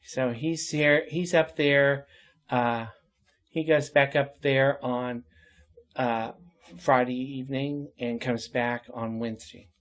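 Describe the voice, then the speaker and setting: A man's voice: mid-range voice, fairly even intonation, takes it slowly, fairly bright tone. A man being interviewed, telling long stories about his work in theater in a casual, chatty way with frequent laughter. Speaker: interview guest.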